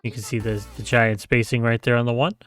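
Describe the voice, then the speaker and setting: Give me a relaxed man walking mentees through a tutorial, humming sounds as he explains, with faint music underneath. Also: mid-range voice, brisk. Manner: relaxed, explains step by step with frequent "right?"; hums the sounds he describes. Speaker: mapping tutor. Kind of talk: casual screen-share tutorial.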